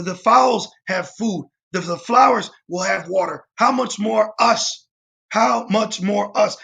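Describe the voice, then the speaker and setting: A man with a high voice, roughened by a gravelly fry, preaches over a livestream. He reads scripture aloud and drives each point home, often tagging "man" onto his lines and stumbling through fillers and restarts. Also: bright, forceful tone. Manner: emphatic, repeats "man" as a tag; halting, with frequent fillers and restarts. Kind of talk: livestreamed sermon with scripture reading.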